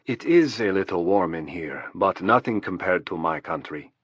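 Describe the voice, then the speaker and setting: A man voicing a composed male assassin in disguise who speaks in a smooth, guarded, formal way. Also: sits low, animated, normal speed, fairly bright tone, no echo, muffled recording, exaggerated voice.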